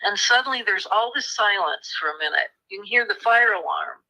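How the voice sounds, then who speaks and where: A woman's voice: mid-range voice, fairly quick, poor audio. A woman author recounting a true crime case as a guest, telling it as a story and acting out the people she quotes. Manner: animated, acts out quoted voices. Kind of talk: conversational storytelling.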